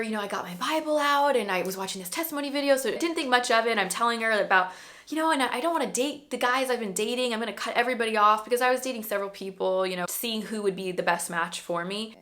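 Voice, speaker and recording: A woman's voice: a little high, pushed and bright. A woman in her thirties telling her personal faith story to her own camera in a casual, earnest and emotional way, rambling and restarting as she goes. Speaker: vlogger sharing a faith testimony. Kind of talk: casual spoken testimony. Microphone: self-filmed camera.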